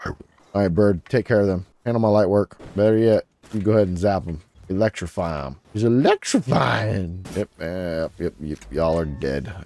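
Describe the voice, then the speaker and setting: A young man hosting a gaming channel, giving playful, casual commentary on his gameplay and talking to the creatures on screen. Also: moderate pace. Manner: playful, talks to his creatures, sudden excited jumps in pitch.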